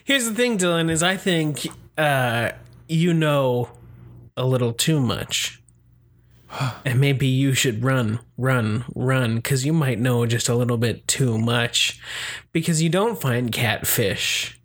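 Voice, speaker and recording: A man in a casual comedy podcast chat, trading conspiratorial jokes with a deadpan delivery. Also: medium pitch, slow.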